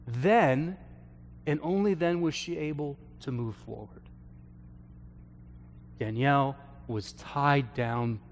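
Slow-speaking pastor in a reverberant hall. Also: male voice, fairly high pitch, a little hiss or hum. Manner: slow, earnest storytelling with soft trailing endings. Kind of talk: sermon storytelling.

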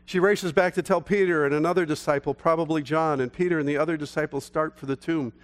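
A man's voice: on the high side, steady tone, fast talker. Man preaching in a reverberant church. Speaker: pastor. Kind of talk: sermon. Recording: long hall reverb.

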